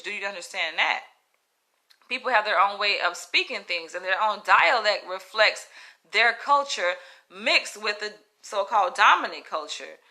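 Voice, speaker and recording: A woman's voice: mid-range voice, sharp tone. A woman with a Southern US accent telling a story in a casual, chatty monologue, stressing her points and often checking in with "right?" and "you know?". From Southern United States.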